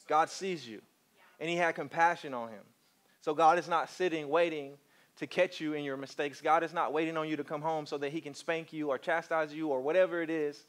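A man preaching a sermon. He tells stories in an animated way and coaxes the congregation to respond. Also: fairly high pitch.

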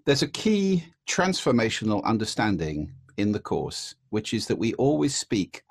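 A man's voice: lowish voice, wildly swooping pitch, moderate pace, creaky, breathy edge, dry recording, studio quality. A man answering interview questions about the voice, explaining and demonstrating voice techniques. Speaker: voice expert guest.

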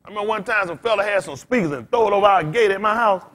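A man preaching in loose storytelling style as a pastor, blunt and cussing, laughing as he swings between loud bursts and quiet asides. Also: sits high, rapid-fire. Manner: blunt, street-talking, cussing. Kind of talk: storytelling sermon.

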